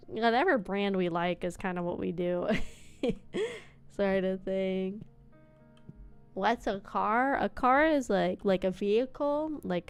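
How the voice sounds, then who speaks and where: Chatty woman streamer, plain middle pitch. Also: clear, resonant tone. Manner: rambling, heavy "like" fillers, frequent laughs and swearing. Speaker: VTuber streamer. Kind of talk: casual chat while playing a game.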